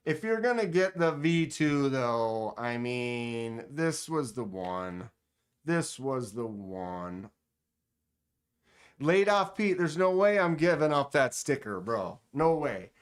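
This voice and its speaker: A man runs a casual livestream from a table indoors, chatting happily with viewers and reading their messages aloud. His voice is smooth and clean. He takes his time, in an unhurried, easy flow. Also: medium pitch, very animated. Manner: chatty, enthusiastic, reads chat aloud. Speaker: knife channel host.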